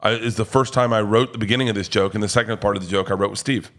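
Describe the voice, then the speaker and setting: A man's voice: on the low side, steady tone, rapid-fire, fairly bright tone. A man chatting casually as a podcast guest, laughing often and repeating his words. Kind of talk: casual chat.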